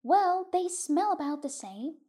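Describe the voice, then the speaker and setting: A woman's voice: very high voice, lively intonation, measured pace, dark tone, pitched above the performer's own voice. A woman voicing Carl, a farm boy who taunts the others, in an audiobook reading. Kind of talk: audiobook reading of a short story.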